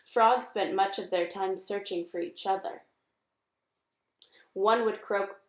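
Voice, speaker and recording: A woman reading a children's novel aloud with gentle, expressive storytelling. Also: mid-range voice, slow pace, long pauses, echoey room. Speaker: reader.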